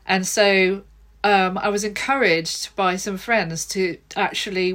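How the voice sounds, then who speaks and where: A woman talks easily as a podcast guest, chatty and quick to laugh. Her voice sits at an ordinary middle pitch. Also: steady tone, fairly bright tone. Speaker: author and illustrator. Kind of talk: podcast interview.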